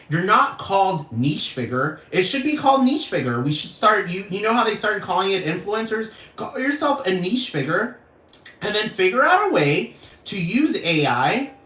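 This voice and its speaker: A man rants to his camera in a loose, profane ramble, circling back to the same points and breaking into laughter. His voice sits a little high for a man. The room around him rings with echo. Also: bright, forceful tone. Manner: profane, rambling, repeats himself, laughs often. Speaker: vlogger. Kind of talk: casual rant to camera.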